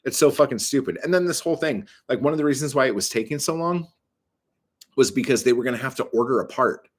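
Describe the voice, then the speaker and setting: A man's voice: medium pitch, expressive, fast talker, husky. A man on a casual live stream, rambling with many fillers and self-corrections, swearing a lot as he vents his frustration.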